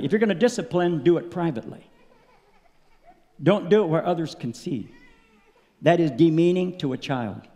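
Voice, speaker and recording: A middle-aged man preaching a sermon at a tent meeting, telling a personal story and building to loud, emotional peaks. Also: on the high side, in a large hall. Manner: storytelling, rising to loud emotional peaks, acting out his story with sound words.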